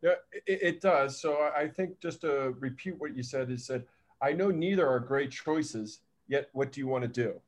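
A man's voice: mid-range voice, moderate pace. A male co-host asking questions in a tentative, rephrasing way. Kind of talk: casual interview questions.

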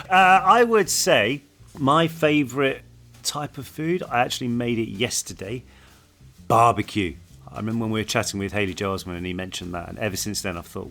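A man's voice: on the low side, a little fast, vocal fry, sharp tone. A man co-hosting a podcast, chatting casually and playfully and putting on silly voices now and then. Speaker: podcast co-host.

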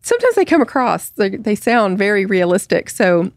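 A podcast co-host chats casually and reads a satire article aloud, laughing often. Her mid-range voice swings widely in pitch at a normal speed. The studio recording is clean, with no room sound.

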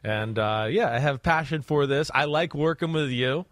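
A man with a New Jersey accent co-hosting a sports podcast, loud and high-energy, laughing often in casual chat. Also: moderate pace, dry recording. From northern New Jersey. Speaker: podcast co-host.

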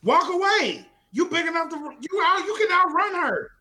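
A man's voice: extremely high pitch, big pitch swings, normal speed, bright, forceful tone. A man co-hosting a comedy podcast, ranting and mock-scolding with plenty of swearing in casual chat. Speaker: podcast co-host.

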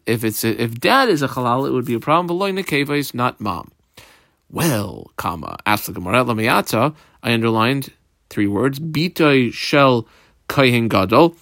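A man's voice: medium pitch, fairly bright tone, no echo, clean studio sound. A man teaching a Talmud lesson, reading Aramaic phrases and explaining them in English, with frequent fillers.

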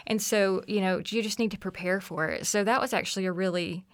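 A woman's voice: medium pitch, fairly quick, no room sound, clean studio sound. A woman in her forties, a podcast guest, telling stories about her children in an earnest, reflective way. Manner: earnest, reflective, acts out family dialogue. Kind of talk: conversational storytelling.

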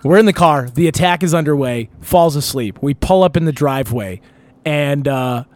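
A man's voice: on the high side, normal speed, no room sound. A young man telling a wild story on a casual talk show, swearing often and acting out what people said. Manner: animated, profane, acts out quotes.

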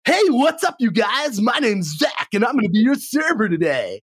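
A high, gushing young waiter bursts with forced cheer, put on by a man. The sound is dry and close. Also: big pitch swings, moderate pace, slightly rough, no echo, exaggerated voice. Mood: overeager. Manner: high-pitched, gushing and over-bright. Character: overeager young male restaurant waiter.

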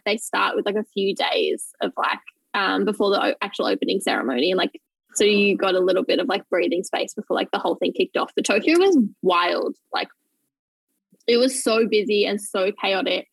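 A woman's voice: mid-range voice, creaky, no echo, poor audio. A young Australian woman telling work stories as an interview guest, bubbly and often laughing, with lots of "like". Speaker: guest, journalist. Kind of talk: casual interview chat.

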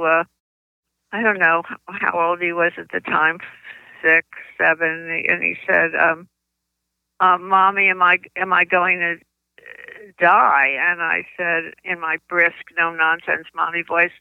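An older woman, a children's book author, telling stories in an interview, with halting speech and frequent restarts, on slightly muffled lo-fi audio. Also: on the low side, vocal fry, clean tone, dry recording. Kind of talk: conversational interview storytelling.

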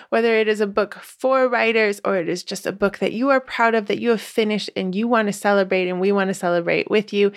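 An enthusiastic woman hosts a podcast in a chatty, friendly flow. Her voice sits in a middle pitch and moves along at an easy conversational pace. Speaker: podcast host. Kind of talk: podcast interview and promo reading.

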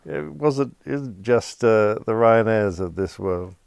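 Gravelly low-voiced male interviewer. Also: lively intonation, slow, a little mellow, no room sound, clean studio sound. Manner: easygoing and agreeable, prompts the guest. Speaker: interviewer, host. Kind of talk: conversational interview.

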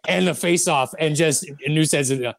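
A man's voice: a little high, moderate pace, creaky, slight background noise. A man as a guest on a talk show, telling stories in a casual chat and laughing often. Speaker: guest musician.

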